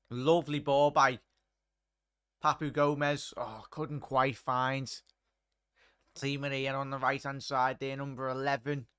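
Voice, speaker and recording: A man's voice: medium pitch, flat delivery, slow, pauses often, a bit bright, clear, resonant tone, no room sound, studio quality. A young man hosting a live match watchalong, commentating casually and chatting to viewers. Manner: chatty, laddish, reads chat aloud. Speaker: watchalong host.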